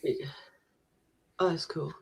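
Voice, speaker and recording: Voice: takes it slowly, dry recording. A giggly, playful speaker in a casual video-call chat, yawning along with the others.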